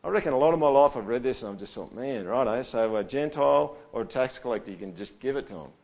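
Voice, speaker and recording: Casual male pastor, middle-aged, preaches like a chat, punchy emphasis then drops low. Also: lively intonation, quick pace, creaky. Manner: conversational, keeps asking "all right?", voice swings loud and soft. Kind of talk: sermon.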